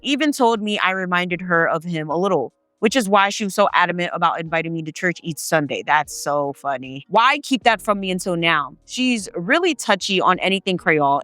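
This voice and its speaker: A woman's voice: fairly low pitch, expressive, moderate pace, a bit bright, no room sound, soft background music. A woman hosting a storytelling channel, reading viewer stories aloud and breaking off for chatty, slangy asides. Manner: chatty, slangy asides between read passages.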